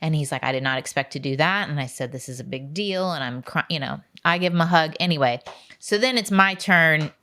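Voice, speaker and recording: Low-voiced woman telling an emotional story. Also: a little fast, sharp tone. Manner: chatty, emotional storytelling with many asides. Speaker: podcast co-host. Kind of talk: casual chat. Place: podcast studio.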